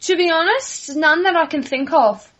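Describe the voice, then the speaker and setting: A woman's voice: very high voice, moderate pace, fairly bright tone. Friendly young Australian woman, lo-fi. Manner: friendly, laughs easily. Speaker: guest. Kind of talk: casual interview answers.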